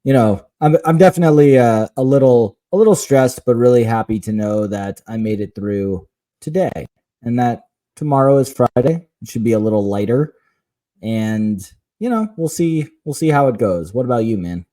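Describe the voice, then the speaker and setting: A man's voice: mid-range voice, lively intonation, moderate pace, mellow. A man co-hosting a casual podcast, with a dry, teasing way of talking. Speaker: podcast co-host.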